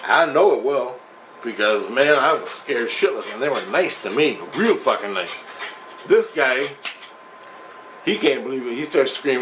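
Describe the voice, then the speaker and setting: A man tells a long personal story in a loose, rambling way, swearing freely and pressing hard on his words. His voice sits at an average pitch, with faint noise behind it. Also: lively intonation, normal speed, fairly bright tone, low-quality recording. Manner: profane, emphatic, conversational.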